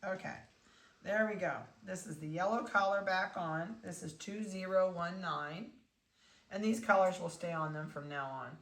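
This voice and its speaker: Woman dog breeder, chatty, coos and laughs, lowish voice, echoey room, distant from the mic. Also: moderate pace, fairly bright tone. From central Ohio, USA. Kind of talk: casual talk while handling puppies.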